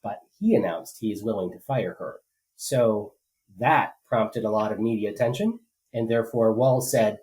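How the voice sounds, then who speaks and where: A man's voice: mid-range voice, moderate pace, mellow, rough recording. Rambling man in casual political chat. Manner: rambling, conversational, with many fillers and restarts. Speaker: state legislator co-hosting a political podcast. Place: rural home.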